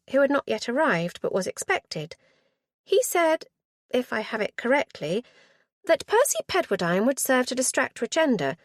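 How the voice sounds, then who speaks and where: A woman voicing an eager, excitable young niece, talking in a high, breathless way. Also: no room sound, studio quality.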